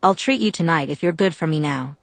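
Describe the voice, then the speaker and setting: A flirtatious, protective vampire woman, read by a female narrator, playful and teasing in tone. The voice is low and dry. It is a fan audiobook reading. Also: brisk, creaky, no echo.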